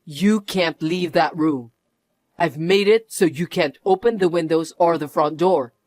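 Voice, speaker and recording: A man's voice: a little high, measured pace, a little mellow, dry recording, close to an everyday voice. An actor playing a mocking, controlling young husband who laughs often as he sneers. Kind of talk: narrated drama acting.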